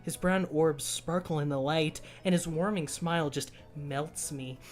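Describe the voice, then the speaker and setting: A man co-hosting a stream, reading fanfiction aloud with slow, laughing, dramatic delivery. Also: on the high side, fairly even intonation. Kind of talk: casual comedic reading commentary.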